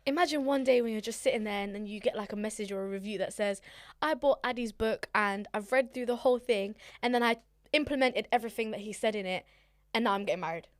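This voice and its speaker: A young woman co-hosting a podcast, chatty and quick to react with exclamations. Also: medium pitch, dry recording, clean studio sound. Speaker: podcast co-host. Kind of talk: casual podcast chat.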